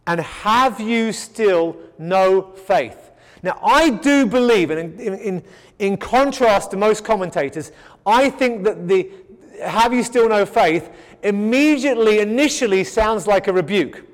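A man's voice: sits high, expressive, normal speed, long reverb tail. A man teaching the Bible in sermon style, emphatic and repetitive, often stammering as he restarts his sentences. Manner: emphatic, repetitive rhetorical build-ups.

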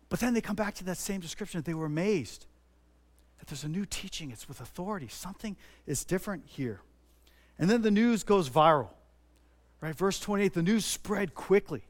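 High-voiced man preaching earnestly. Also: expressive, fast talker. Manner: earnest, repetitive, rises to emphatic stresses. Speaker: pastor. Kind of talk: sermon.

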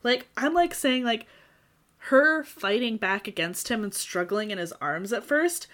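A woman's voice: a little high, expressive, a bit bright. Exasperated young-sounding woman chatting. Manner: indignant, exasperated, quick to laugh. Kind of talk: casual book discussion chat.

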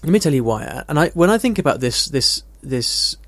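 A man's voice: fairly high pitch, very animated, moderate pace, fairly bright tone, no echo. Man explaining in a dry voice. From United Kingdom. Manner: thoughtful, conversational, tells personal stories. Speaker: English teacher. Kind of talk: casual explanatory talk answering a question.

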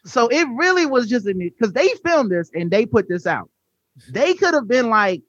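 A man's voice: extremely high pitch, very animated, moderate pace, dry recording, muffled recording. A man talking animatedly and profanely on a podcast. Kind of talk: casual podcast banter.

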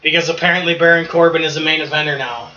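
A man co-hosting a casual wrestling podcast, laid-back, cursing and quick to laugh. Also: fairly high pitch, steady tone, sharp tone, muffled recording, a little hiss or hum. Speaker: podcast co-host. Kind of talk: casual banter watching wrestling.

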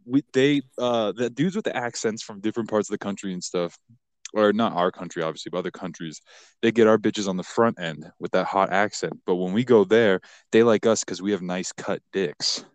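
A man's voice: lowish voice, brisk, no room sound. A man co-hosting a podcast in crude casual banter, rambling with lots of fillers and frequent laughter. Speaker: podcast co-host.

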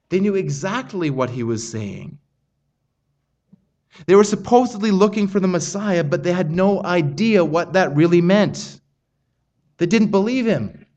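A middle-aged man preaching a sermon, earnest and emphatic, reading scripture aloud with slow, weighted pauses. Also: high voice, dull audio.

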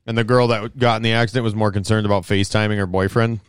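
A man's voice: fairly low pitch, steady tone, fast, clear, resonant tone, no echo, clean studio sound. A young man co-hosting a casual podcast chat, telling rambling stories, swearing freely and laughing often. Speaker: podcast co-host.

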